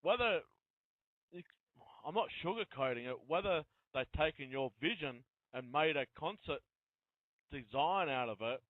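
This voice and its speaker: A man's voice: fairly high pitch, animated, a little slow, dry recording. Man on a tinny phone line. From Australia. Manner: chatty, with long run-on turns. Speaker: interview host. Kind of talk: casual interview talk.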